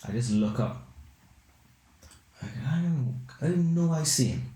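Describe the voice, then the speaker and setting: A man telling comic anecdotes in a rambling, animated way, with a mid-pitched voice. He hosts the show and wanders from story to story. The room around him gives a roomy echo. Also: a little slow. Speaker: podcast host. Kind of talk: comedic storytelling.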